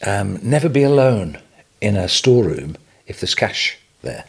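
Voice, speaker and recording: Older English businessman, husky, low-pitched, lively storyteller, podcast guest. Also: measured pace. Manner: animated anecdotal storytelling, chuckling. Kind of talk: storytelling interview.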